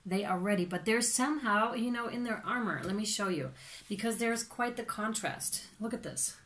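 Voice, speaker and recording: A woman giving a casual tarot reading, chatty and animated, with many fillers and playful acted-out reactions. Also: medium pitch, normal speed. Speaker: tarot reader.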